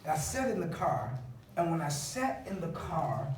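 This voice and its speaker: A man preaching a story, laughing often and rising to shouts. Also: a little high, very animated, a little slow, background noise. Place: church. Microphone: far camera. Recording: echoey church from far off, loud congregation.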